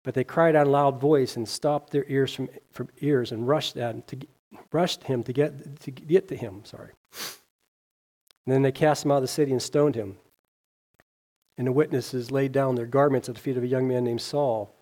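Preaching with earnest conviction, this man reads scripture aloud, stumbling and restarting now and then, and questions his congregation. His tone stays steady at a moderate pace, though it rises on scripture and key phrases and softens to a low fall at line endings.

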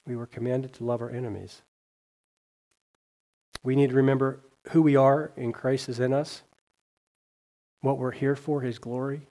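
A man preaching a sermon, reading scripture aloud and asking his listeners questions. He talks earnestly, lifting his voice on key phrases and letting it fall soft at the ends of lines. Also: flat delivery, normal speed, long pauses. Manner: earnest, rising on scripture and dropping low at line ends; reads scripture aloud, with small slips and restarts.

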